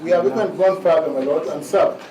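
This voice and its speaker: A man argues before the bench in a formal, measured way, slowing down to press his points. His voice sits a little high. He is picked up from a distance in a reverberant courtroom with constant background noise. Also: mellow. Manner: formal, measured, repeats "my lords" and slows to stress points. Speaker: advocate arguing in court. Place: large courtroom.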